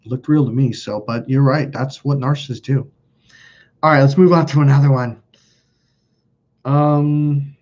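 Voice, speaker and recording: A man's voice: mid-range voice, fairly even intonation, measured pace, pauses often, a little mellow, highs cut off. A man hosting a live stream, telling stories in a blunt, profane, self-mocking casual chat. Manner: blunt, profane, laughs at himself.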